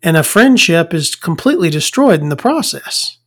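A woman's voice: on the low side, sing-song, moderate pace. A woman hosts her podcast in a loose, rambling monologue. She swears freely and stumbles over words as she goes. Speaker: podcast host.

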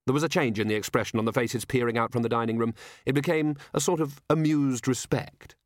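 A man reading a novel aloud as narrator, with expressive storytelling. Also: mid-range voice, a little fast, no echo, studio quality. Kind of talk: audiobook reading.

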